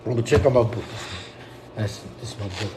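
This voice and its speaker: A man's voice: fairly low pitch, brisk, background noise. A middle-aged man talking straight to his livestream viewers in a blunt, profane, repetitive rant. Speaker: poet and livestreamer.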